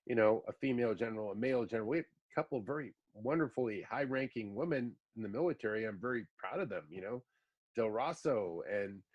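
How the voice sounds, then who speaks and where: A man's voice: on the low side, fast, highs cut off. Rambling middle-aged man telling stories. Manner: rambling, animated anecdotes with frequent asides. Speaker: podcast host. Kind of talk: casual storytelling chat.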